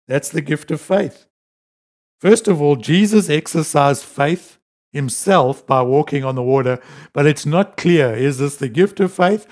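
A man preaching a sermon, reading scripture aloud and explaining it with emphatic rises and quiet drops. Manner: animated, rising to emphatic peaks then dropping low; reads scripture aloud between teaching.

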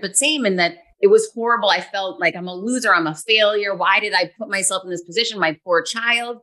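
Brief: bright, lively woman in her 40s, animated podcast guest storyteller. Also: medium pitch. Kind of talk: podcast interview.

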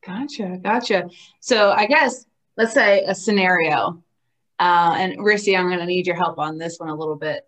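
A woman's voice: lowish voice, normal speed, fairly bright tone. A woman co-hosting a podcast, asking playful questions in casual chat. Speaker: podcast co-host.

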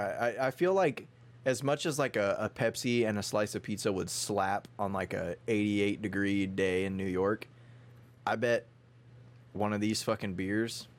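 A young man from Texas in casual podcast chat, loose and emphatic, swearing and using slang freely. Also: lowish voice.

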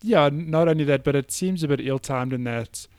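A man's voice: on the high side, a little fast, a little mellow, smooth, no room sound, clean studio sound. Chatty man co-hosting a podcast. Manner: chatty, hesitant, laughs often. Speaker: podcast co-host. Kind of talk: casual chat.

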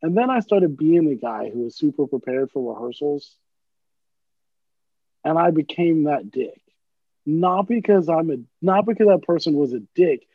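A man's voice: fairly high pitch, expressive, normal speed, dry recording. A man in casual chat, rambling and swearing freely, poking fun at himself. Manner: profane, rambling, self-deprecating. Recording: dry tinny phone-like sound.

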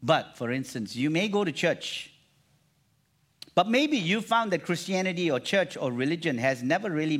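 Male pastor, lively, slightly higher voice, preaching energetically with call-and-response. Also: normal speed. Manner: animated, repeats phrases, calls for congregation response. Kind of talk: sermon.

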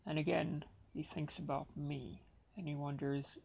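A man's voice: on the high side, flat delivery, moderate pace, gravelly, husky. A man telling a personal story with dramatic flair, acting out the dialogue as he goes. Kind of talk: personal anecdote told dramatically.

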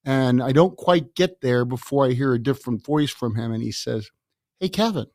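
A man in his sixties from the Chicago area, telling stories as a podcast guest in a lively way, often laughing and repeating words. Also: medium pitch, moderate pace, no echo, studio quality. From Chicago area, USA. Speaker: guest, author. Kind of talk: anecdotal storytelling in a podcast interview.

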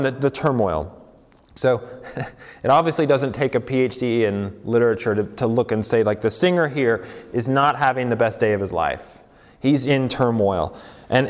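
A young adult man preaching a conversational sermon as a campus pastor, with frequent fillers and self-corrections. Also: medium pitch. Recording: long hall reverb.

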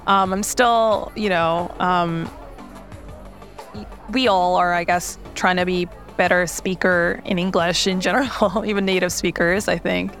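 A young woman whose first language is Korean speaks with a light Korean accent in a relaxed interview. She talks freely, leans on fillers and laughs between thoughts. Faint music plays under her voice. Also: on the low side, unhurried. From South Korea. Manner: chatty, many fillers, laughs often. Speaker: startup founder, interview guest. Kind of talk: casual interview talk.

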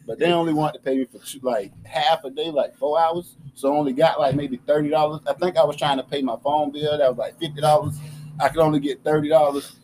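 A young man tells a rowdy story to his friends, his pitch sitting a little high. He curses freely and acts out the people he quotes. A faint hiss of background noise runs under the recording. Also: fast talker. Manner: animated, profane, acts out quotes with big pitch jumps. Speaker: storyteller in group chat. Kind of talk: casual storytelling chat.

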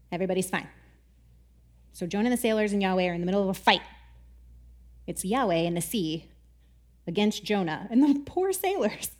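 A woman teaching a casual Bible lesson in a chatty, animated way, often saying "like" and acting out quotes. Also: on the high side.

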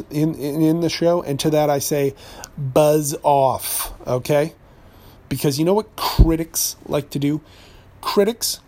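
A man hosts his podcast in a loose, sarcastic rant, full of asides and self-corrections. He grew up in New Hampshire. His voice sits a touch higher than most men's. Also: a little mellow. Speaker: podcast host and voice actor. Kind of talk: ranting podcast monologue.

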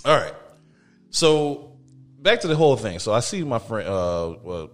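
Young man, podcast co-host, casual banter, lively pitch. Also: a little slow. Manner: loose, joking, swears freely.

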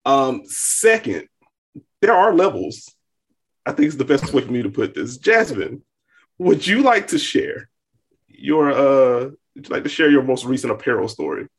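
A man's voice: mid-range voice, sing-song, measured pace, husky. A young man co-hosting a podcast, talking casually with lots of hedging and amused asides. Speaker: podcast co-host. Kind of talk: casual chat.

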